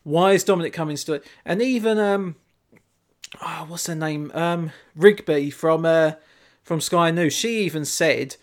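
Male, casual podcast co-host; lively, swears freely. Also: fairly high pitch, measured pace. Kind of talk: casual chat.

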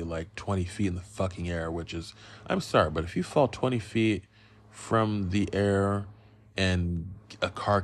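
A man hosting a casual film review podcast, rambling and profane, a bit loopy from being high. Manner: rambling, loose and profane, goes off on riffs. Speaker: podcast host.

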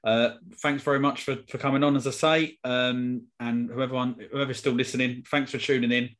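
A man hosts a casual podcast, friendly and loose with lots of fillers. His pitch sits at an ordinary middle. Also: level tone, moderate pace, a bit bright. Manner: friendly, filler-heavy, laughs easily. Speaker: podcast host. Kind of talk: casual podcast chat and sign-off.

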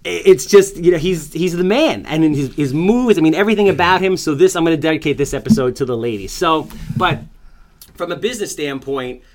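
Joking man hosting a podcast. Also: a little high. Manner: joking, self-mocking, fast promo talk. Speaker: podcast host. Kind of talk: casual podcast chat.

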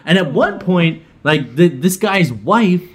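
A man spins a long story in relaxed conversation, stumbling over restarts and breaking into laughter. His pitch swings widely and stays lively throughout. A faint hum sits behind him. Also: takes it slowly. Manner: rambling, animated, laughs often, many restarts. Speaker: storyteller guest. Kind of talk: casual storytelling chat.

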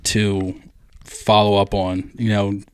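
A man's voice: fairly low pitch, flat delivery, slow pace, smooth, no echo. Rambling, profane podcast co-host man. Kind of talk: crude casual storytelling.

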